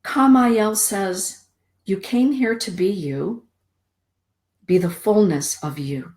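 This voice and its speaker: A middle-aged woman hosting a spiritual show, reading oracle cards aloud in a soothing, deliberate way. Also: medium pitch, a little mellow. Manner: slow, soothing, deliberate delivery with drawn-out words. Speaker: host giving oracle card readings.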